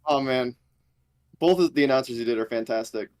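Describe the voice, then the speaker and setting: A man's voice: medium pitch, fairly quick, background noise. A man with a faint, wavering New York accent, a game developer guest chatting easily and laughing readily. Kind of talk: casual podcast chat.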